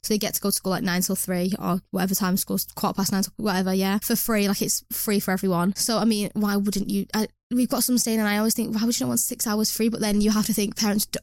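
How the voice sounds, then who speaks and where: A woman's voice: mid-range voice, little pitch movement, fast, hardly any pauses, darkish tone, no echo, clean studio sound. A young woman hosting a podcast, chatting casually with rambling asides and self-mocking restarts. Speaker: podcast host. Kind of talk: casual chat.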